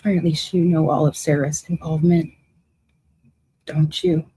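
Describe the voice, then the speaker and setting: A woman's voice: low-pitched, fairly even intonation, moderate pace, warm tone, husky, rough recording. A woman hosting a livestream who reads out viewers' comments and answers them with emotion and confrontation. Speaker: livestream host. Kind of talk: casual livestream chat reading viewer comments.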